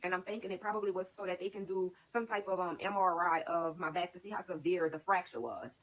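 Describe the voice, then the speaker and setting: A fast-talking woman with a lowish, somewhat bright voice candidly rambles through her life story for her stream viewers, using "like" over and over. The streaming-setup recording sounds rough.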